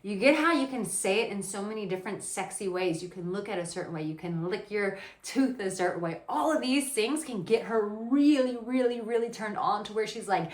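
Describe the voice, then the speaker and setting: A woman dating coach giving blunt, animated advice to camera, swearing casually. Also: on the low side, normal speed. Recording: roomy echo.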